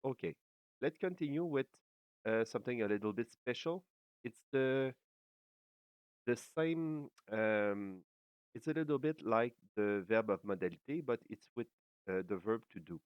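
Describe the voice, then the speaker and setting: A man giving a slow, careful language lesson, pausing often with fillers as he explains. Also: medium pitch, clear, resonant tone, no room sound, highs cut off. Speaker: French teacher.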